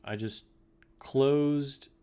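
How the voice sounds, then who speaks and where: A man's voice: medium pitch, very slow, dark tone, clean tone. A man casually chatting on his livestream, rambling and joking, laughing at himself. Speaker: streamer. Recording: faint background music.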